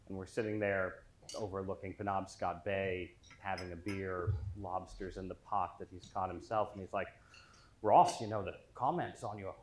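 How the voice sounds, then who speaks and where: A man giving an after-dinner lecture to a dinner crowd, joking at his own expense and leaning on ums. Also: on the low side. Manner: self-deprecating, joking, with filler ums. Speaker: featured dinner speaker. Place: large dining hall. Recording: echoey hall with faint noise.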